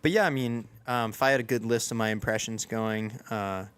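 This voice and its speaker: A man's voice: fairly low pitch, fairly even intonation, brisk, a bit bright, clear, resonant tone, dry recording. A young man hosting a podcast in casual chat, talking in a rambling, self-deprecating way with lots of fillers and restarts. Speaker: podcast host.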